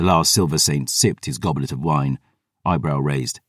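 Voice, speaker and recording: A man giving a dramatic audiobook narration, measured and intense, with slow emphatic beats. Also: very deep voice, breathy edge, no echo, studio quality.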